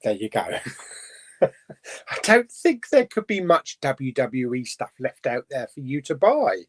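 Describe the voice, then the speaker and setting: A man's voice: medium pitch, wildly swooping pitch, slow, slight background noise. A man hosting a casual live stream chat, reading out viewer comments and chatting about them.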